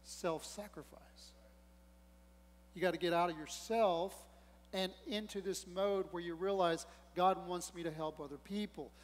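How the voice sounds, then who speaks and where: A male pastor preaching a sermon with rising emphasis and playful humor, acting out the voices in the story. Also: high-pitched. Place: church sanctuary. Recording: long church-hall reverb.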